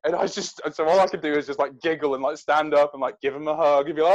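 A man, a guest actor, telling an animated story in a casual interview, with hesitant restarts. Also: fairly high pitch, rapid-fire, hardly any pauses, highs cut off.

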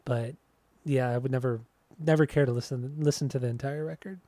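A man's voice: medium pitch, fairly even intonation, a little fast, dark tone, dry recording. A man co-hosting a podcast in casual chat, easygoing and enthusiastic about the music he likes. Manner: easygoing, enthusiastic, laughs often. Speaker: podcast co-host.

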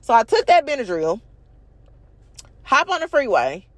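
A young woman, congested from allergies, telling a profane, animated story to her viewers and calling them y'all. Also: high voice, measured pace, no echo. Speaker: vlog host. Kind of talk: casual storytelling rant.

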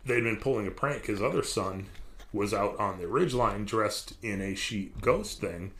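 Casual male podcast storyteller, somewhat low voice, loose, cursing, circling back on his words. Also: expressive, moderate pace, crowd noise. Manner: rambling, profane, restarts sentences. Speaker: podcast host telling a story.

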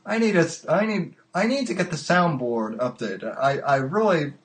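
A man hosting a casual livestreamed call-in podcast, talking in a halting way and repeating his words. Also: a little high, animated. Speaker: podcast host.

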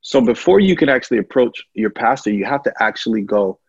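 A husky-voiced man, a pastor, speaks candidly in conversation, getting louder and higher when he presses a point. The recording is dry and a little dull. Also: expressive, a little fast, hardly any pauses, no echo. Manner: impassioned, rising loud and high when stirred.

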